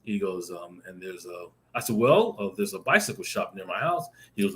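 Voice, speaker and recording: A man on a video call telling a lively personal story, acting out the voices in it and laughing often. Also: lowish voice, moderate pace. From Arizona. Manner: animated, acts out voices in his stories, laughs often. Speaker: guest storyteller. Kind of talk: casual anecdote telling.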